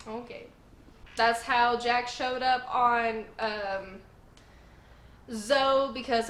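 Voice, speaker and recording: A woman's voice: fairly high pitch, slow, long pauses. A woman hosting her own channel, recapping a story with gushing, emphatic enthusiasm and repeated exclamations. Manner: gushing, animated, emphatic repetition. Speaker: host. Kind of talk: excited casual recap. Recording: echoey room with faint noise.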